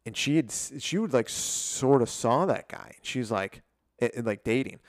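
Gravelly-voiced guy in his 40s rambling through a story, lots of "like", swears a lot, dry close sound. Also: mid-range voice, moderate pace, no room sound. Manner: animated, rambling, full of "like" and swearing. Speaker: martial arts coach, podcast guest. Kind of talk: casual storytelling in an interview.

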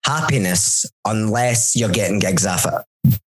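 Young Scottish male comic, husky, animated, jokey podcast banter. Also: lowish voice, a little slow, poor audio. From Scotland. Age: young adult. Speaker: stand-up comedian, podcast co-host. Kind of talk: casual chat.

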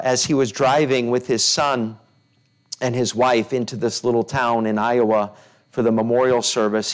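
A middle-aged man, a pastor, preaching a sermon, building repeated phrases up and dropping softly into stories. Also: mid-range voice. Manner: preaching with rising repeated phrases and soft storytelling drops.

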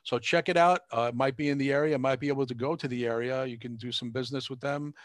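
A man's voice: mid-range voice, steady tone, fast talker, no echo. A man hosts a casual podcast and talks through plugs at a rambling pace, filling gaps with lots of uh's. His voice sits in an ordinary middle range. The recording is dry and close, with no room sound. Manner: chatty, rambling plugs with many fillers. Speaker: podcast host.

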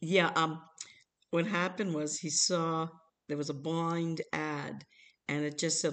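A woman's voice: low voice, takes it slowly. An older American woman telling family stories to her child, chuckling and acting out the people in them. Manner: animated, chuckling, acts out voices in her stories. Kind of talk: casual storytelling.

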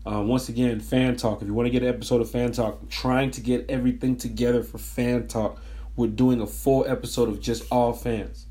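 A man hosts his own sports fan show, his voice worn hoarse from screaming. He talks in casual, energetic, repetitive hype at a middle pitch. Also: fairly quick. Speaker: fan podcast host.

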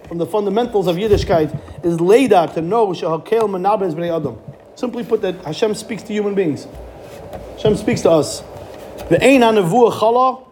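A man giving a Torah class, animated, with rhetorical questions and frequent restarts. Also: high-pitched, a little hiss or hum. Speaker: Torah teacher.

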